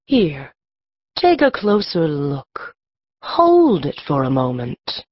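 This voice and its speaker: An actress voicing a mysterious adult shopkeeper in a full-cast audiobook, with a dry, husky voice and a slow, secretive, enticing way of talking. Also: female voice, sits low, wildly swooping pitch, no room sound, muffled recording, exaggerated voice. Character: mysterious adult woman magic shopkeeper, cryptic and intense.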